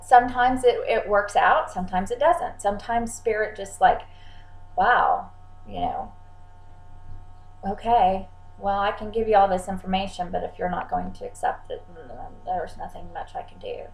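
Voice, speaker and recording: A woman's voice: mid-range voice, expressive, normal speed. Chatty woman psychic in an echoey room. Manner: chatty, repeats words, acts out clients' lines. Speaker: psychic channeler. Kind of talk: casual vlog advice.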